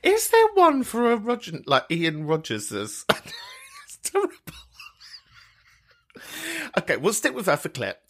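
A man's voice: sits high, huge pitch swings, normal speed, a bit bright. A man hosting a podcast in a camp, chatty, sweary style, laughing often. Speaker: podcast host. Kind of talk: casual chat.

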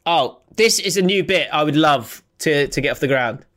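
A young man hosting a podcast, reading out listener comments with frequent laughs and a slowed, playful reading voice. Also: a little high, animated, fairly bright tone. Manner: laughs often, reads comments in a slowed, exaggerated voice. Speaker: podcast host.

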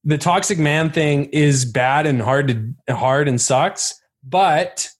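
A man with a slightly higher voice tells a rowdy story in casual conversation. He is animated and keeps laughing through it, filling his lines with "like.". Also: slow pace.

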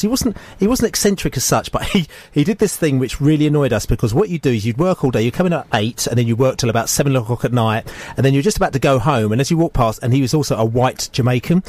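Male radio panelist, rapid anecdotal delivery, dry studio sound. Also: mid-range voice, a little mellow, dry recording. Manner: quick anecdotal storytelling with laughs. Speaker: regular panelist. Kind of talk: casual radio chat.

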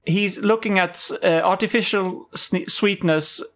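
A man's voice: sits high, lively intonation, slow, a bit bright, faint music behind. A man with a Swedish accent co-hosting a podcast, stumbling over hard names in casual outtake banter. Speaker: podcast co-host.

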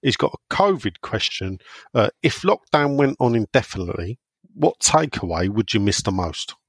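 A man's voice: lowish voice, sing-song, moderate pace, slightly rough, no room sound. A man on a casual talk show, rambling through chatty local stories. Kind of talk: casual banter.

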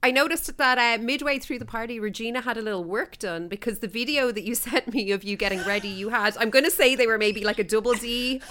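Bright-voiced Irish woman podcast host. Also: fairly high pitch, fast, hardly any pauses. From Ireland. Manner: gossipy, laughing storyteller. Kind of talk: casual chat.

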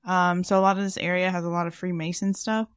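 A woman's voice: fairly low pitch, flat delivery, quick pace, smooth, no room sound, studio quality. A woman co-hosting a podcast in casual chat, rambling with lots of fillers. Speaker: podcast co-host.

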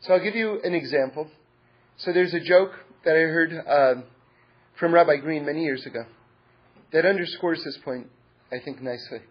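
A man's voice: on the high side, normal speed, long pauses, breathy edge. A man teaching a religious class, telling stories earnestly and repeating his words for emphasis. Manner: repetitive, earnest, stacks adjectives. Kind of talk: storytelling talk. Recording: dull lo-fi recording.

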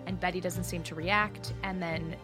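A woman's voice: on the low side, fairly even intonation, moderate pace, music in the background. A woman co-hosting a podcast, steadily retelling a true-crime case step by step. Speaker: podcast co-host.

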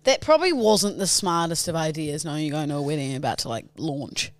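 A woman's voice: sits low, expressive, fast talker, dry recording. A woman co-hosting a podcast, teasing her co-host and laughing easily. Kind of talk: casual banter.

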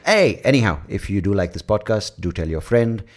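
A man's voice: fairly low pitch, lively intonation, brisk. A man with an Indian accent hosting a podcast, rambling, crude, and self-mocking in a comic monologue. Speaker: podcast host.

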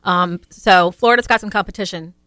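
A woman's voice: on the low side, brisk, bright, forceful tone, smooth, no room sound, studio quality. A woman podcast host reading out quirky news stories in a casual, giggly way.

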